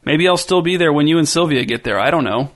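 A man's voice: fairly high pitch, lively intonation, fast talker, lightly acted. A man voicing an evasive teenage boy in a storybook reading, hesitant and defensive.

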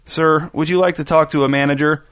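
A man's voice: a little high, steady tone, a little fast, fairly bright tone, lightly acted. A man voicing a tired, patient young store clerk. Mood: weary.

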